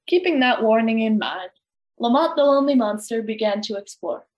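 A woman reading a children's story aloud, gentle and expressive, with small stumbles. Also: on the high side, moderate pace. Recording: dull lo-fi recording.

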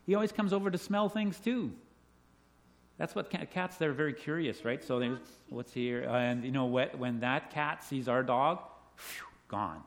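A middle-aged man telling children a story, animated, asking them questions and laughing along with them. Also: medium pitch, normal speed. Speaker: children's talk leader. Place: indoors with a group of children.

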